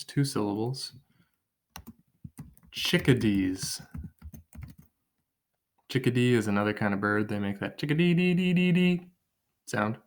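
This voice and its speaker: A man's voice: lowish voice, slight background noise. A man teaching an online writing lesson from his kitchen table, thinking aloud and counting syllables as he drafts.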